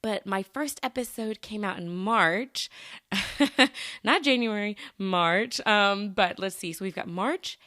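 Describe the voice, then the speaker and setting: A bubbly young woman hosts her solo podcast, chatting casually and laughing often as she talks. Her voice sits at an ordinary pitch for a woman. It is recorded close and dry, with no room sound around it. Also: takes it slowly, bright, forceful tone, no room sound. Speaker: podcast host.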